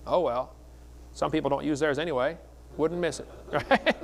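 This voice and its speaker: A man's voice: fairly high pitch, normal speed, gravelly. Folksy man preaching a seminar. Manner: folksy, joking, acts out quoted voices. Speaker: evangelist speaker. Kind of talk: seminar sermon with storytelling.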